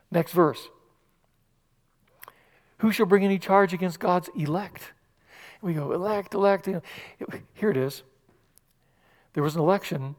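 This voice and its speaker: Animated preacher man in a reverberant hall. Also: a little high. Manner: animated, swinging from hushed to loud. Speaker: pastor. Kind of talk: sermon.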